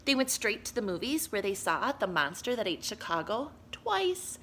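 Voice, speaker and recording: Expressive woman reading a children's story. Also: mid-range voice, normal speed, a little hiss or hum. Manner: expressive, animated. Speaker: children's book reader. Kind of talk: storybook read-aloud.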